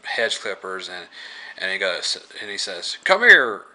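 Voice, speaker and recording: This is a man with a lowish, sharp, tense voice, recapping a movie casually. He rambles and halts often, filling the gaps with filler words. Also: level tone, measured pace. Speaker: movie reviewer.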